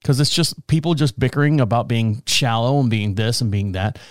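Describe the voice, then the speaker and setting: A man's voice: medium pitch, fairly quick, no room sound, studio quality. A middle-aged man hosting a podcast in a casual, rambling monologue, self-mocking, swearing and laughing often. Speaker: podcast host. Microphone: podcast mic, also filmed.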